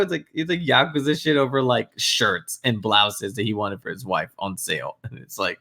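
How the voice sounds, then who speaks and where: A young man co-hosting a podcast in casual chat, animated, swearing a lot and laughing often. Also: on the low side, normal speed, hardly any pauses. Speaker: podcast co-host.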